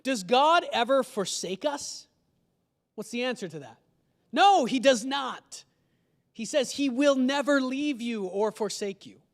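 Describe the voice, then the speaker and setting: Unhurried and expressive, a pastor with a very high-pitched voice speaks to his congregation in a conversational sermon, asking them questions. His voice carries a long church-hall reverb in the sanctuary.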